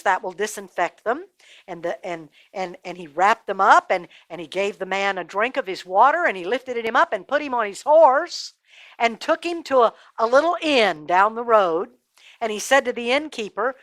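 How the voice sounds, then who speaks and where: A woman's voice: medium pitch, lively intonation, normal speed, fairly bright tone, no echo. A woman storyteller telling a Bible story expressively and speaking directly to children.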